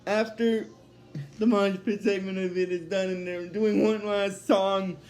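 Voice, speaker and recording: A man's voice: high voice, level tone, a little slow, a little mellow, slight background noise. A man casually recapping a cartoon episode, rambling, often restarting his sentences and laughing at his own retelling.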